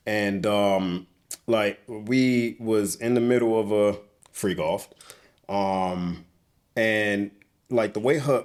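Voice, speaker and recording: Young male interview guest, heated and profane, storytelling with lots of "bro". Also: lowish voice. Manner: agitated, profane, repeats "bro". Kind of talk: emotional storytelling. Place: indoors on a couch.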